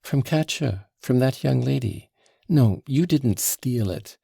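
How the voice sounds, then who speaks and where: A man reading aloud as a fervent young woman, raised high above his usual register, pleading in a breathless rush. The gravelly, husky grain of the voice stays, and the recording is close and dry. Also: expressive, slow, dark tone, no room sound, full character voice. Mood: urgent. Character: impulsive, emotional young woman, drunk and pleading.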